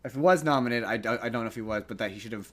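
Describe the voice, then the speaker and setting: Male podcast co-host, bright, lively, jokey casual chat. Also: medium pitch. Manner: animated, jokey, does quick shouted impressions.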